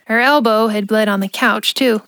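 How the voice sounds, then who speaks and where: A woman's voice: on the high side, fairly even intonation, moderate pace, a bit bright, dry recording. Woman narrating an audio drama. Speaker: narrator and ad host.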